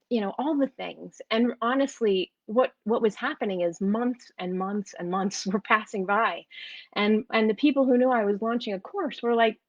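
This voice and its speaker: A woman's voice: mid-range voice, dry recording. Woman, New York–New Jersey accent, chatty coach on a live stream; dry, dull-ish mic. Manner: chatty, storytelling, many restarts. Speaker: online business coach. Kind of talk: live-streamed casual talk.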